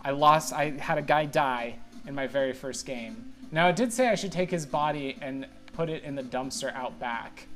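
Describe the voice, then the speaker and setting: A man at an average pitch talks casually over his own gameplay, wandering through self-deprecating play-by-play. Now and then he bursts into loud exclamations. Clear music plays behind him. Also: moderate pace, few pauses. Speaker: let's play gamer.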